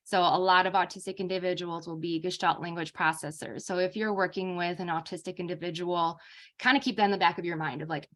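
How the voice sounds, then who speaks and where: A woman's voice: lowish voice, steady tone, fast, a bit bright. A young adult woman giving an informal lecture as a speech therapist, talking casually with many fillers.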